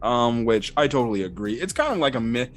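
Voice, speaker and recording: A man's voice: medium pitch, very animated, fairly quick. A young man giving casual episode-recap commentary in a rambling way, with lots of filler words. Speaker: anime episode reviewer. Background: faint background music.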